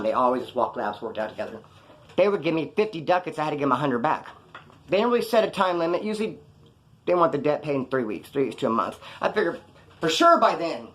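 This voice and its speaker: Here a man who did time looks back on his prison days, telling the story casually in the first person. His delivery is blunt and profane, and animated jumps in pitch push home his emphasis.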